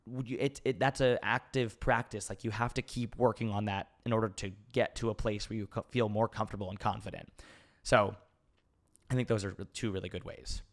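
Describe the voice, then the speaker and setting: A young man in his twenties chats casually into a podcast mic and answers listener questions. His voice sits low. He rambles, trips over his words and restarts often, and he speaks openly about his emotions. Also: steady tone, a little fast. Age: 20s. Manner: rambling, lots of fillers and restarts; open and emotional, laughs easily. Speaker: podcast host.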